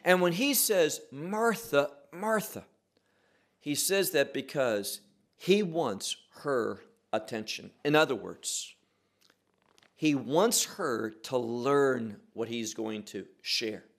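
A man teaching a sermon on a Bible passage, asking rhetorical questions and answering them, slowing and dropping his voice to stress key words. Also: expressive, creaky. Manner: slows and drops pitch to stress key words.

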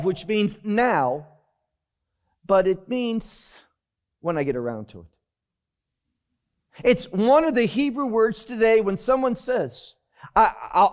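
A man preaching a Bible teaching sermon, slowly and emphatically explaining Hebrew words verse by verse. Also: sits high.

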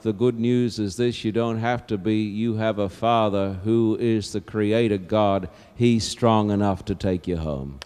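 A man preaching an evangelistic sermon in a large auditorium, telling a story dramatically and moving from hushed lines to loud ones. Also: fairly low pitch, moderate pace, hardly any pauses, smooth. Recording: long auditorium reverb.

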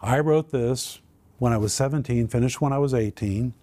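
A man, a Christian minister and author, telling a personal testimony as an earnest, animated storyteller. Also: medium pitch, normal speed.

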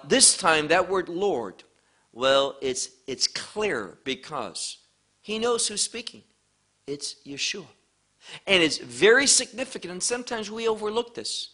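A man preaching a sermon, teaching from scripture with slow, emphatic phrasing. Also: a little high, pushed and bright.

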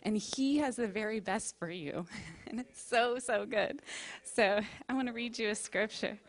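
A woman's voice: fairly high pitch, unhurried. A woman in her thirties speaking at a church service, telling a story with lots of laughter and leading the offering and prayer.

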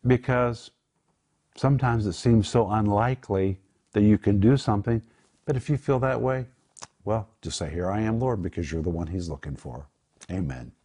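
A man's voice: fairly low pitch, animated, normal speed, warm tone, slightly rough. An older man hosting a Bible teaching program, earnest and emphatic as he explains Greek words. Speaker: Bible teacher and show host.

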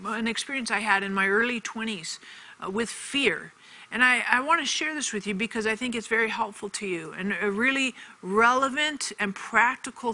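A woman's voice: a little high, sharp tone, low-quality recording. A woman giving an earnest televised faith teaching, telling a personal story and repeating phrases for emphasis. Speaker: TV ministry teacher.

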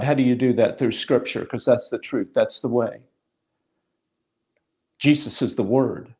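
A middle-aged man delivers a sermon, weaving a personal testimony into his teaching. His voice has a gravelly, rough edge, and he drives points home by repeating key phrases. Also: medium pitch, a little slow, long pauses, darkish tone. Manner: storytelling, emphatic repetition. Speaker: pastor.

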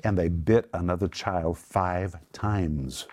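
A man's voice: sits low, slow, a little mellow. A man teaching the Bible to a small group, emphatic, lifting his voice to stress his points.

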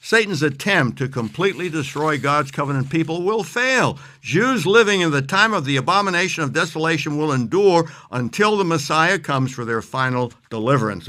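A man teaching on scripture as an interview guest, speaking emphatically and reading verses slowly. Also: on the high side, bright, forceful tone.

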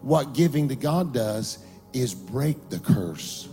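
A man's voice: mid-range voice, animated, slow pace, big-room sound, over music. A man pastor preaching a sermon in church, joking with the congregation, calling for responses, and rising into a sing-song preaching cadence. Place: church sanctuary before a congregation.

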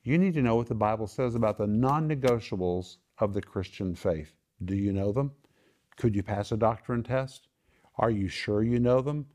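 A man's voice: lowish voice, normal speed, mellow. A man teaching the Bible to a small home group, emphatic and fond of repeating key phrases and quizzing his listeners. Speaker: Bible teacher and TV ministry host.

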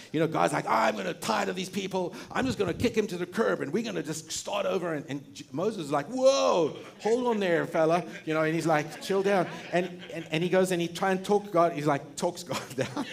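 A middle-aged man preaching a sermon as pastor, animated and conversational, often restarting his sentences and laughing. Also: medium pitch.

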